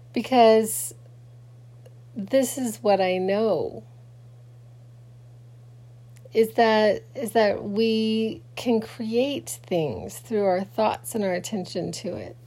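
A middle-aged woman talking casually and haltingly to her camera late at night, grieving and rambling with many fillers and restarts. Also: fairly high pitch, dark tone. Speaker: vlogger. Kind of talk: casual personal talk to camera.

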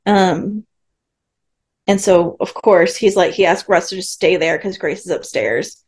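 A woman's voice: fairly low pitch, measured pace, a little mellow, husky. A woman co-hosting a podcast, casually recapping a TV episode and acting out quoted lines with frequent laughs. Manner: chatty, retells scenes with quoted lines, laughs often. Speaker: podcast co-host.

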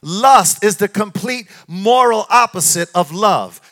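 A man's voice: high voice, moderate pace, few pauses, fairly bright tone, faint music behind. A man preaching a sermon as pastor, emphatic and repeating his phrases in call-and-response style.

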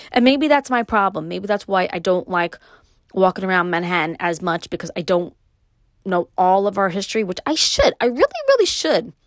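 A middle-aged woman with a Brooklyn accent hosting her own podcast, talking alone in a casual, rambling way with many pauses and restarts. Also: medium pitch, no room sound, clean studio sound. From New York. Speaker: podcast host. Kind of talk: casual solo podcast monologue.

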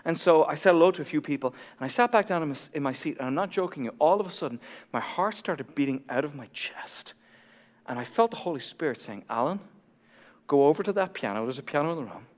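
An Irish man in his forties, a pastor telling his own story in a sermon with animated, self-deprecating humor. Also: on the high side, fast, long reverb tail. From Ireland.

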